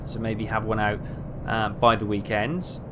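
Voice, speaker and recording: A man's voice: lowish voice, level tone, a little slow. A man hosting a casual let's-play of a trucking game, rambling along and breaking into exasperated outbursts. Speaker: gaming channel host. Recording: game engine noise underneath. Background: truck simulator engine and road sounds.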